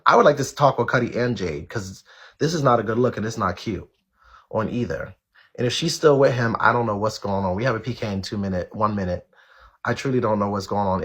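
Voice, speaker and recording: A man's voice: on the low side, fairly bright tone, slightly rough. A man hosting a live stream, talking straight to his viewers in blunt, outspoken commentary, swearing freely and repeating his points for emphasis. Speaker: live-stream show host.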